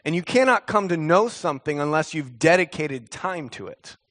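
Earnest preaching man, slightly high. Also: animated, a bit bright. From United States. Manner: earnest, building to emphatic repetitions, with drawn-out pauses. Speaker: pastor. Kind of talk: sermon.

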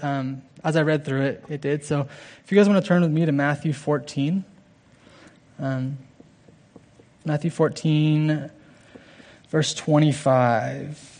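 A young man giving an informal, earnest sermon, halting with restarts and fillers. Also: a little high, a little mellow.

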